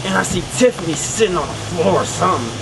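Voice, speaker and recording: A man's voice: high-pitched, lively intonation, quick pace, creaky, very noisy. A young man playing a boastful, crude young killer who tells his story as a comic confession monologue. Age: young adult. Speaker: student actor in a parody sketch.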